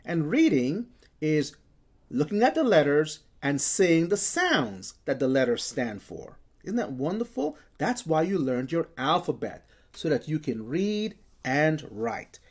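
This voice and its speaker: Slow, lively woman teaching phonics. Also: sits low, husky. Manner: slow, sounding out letters, cheerful praise. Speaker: reading teacher. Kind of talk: phonics lesson for children.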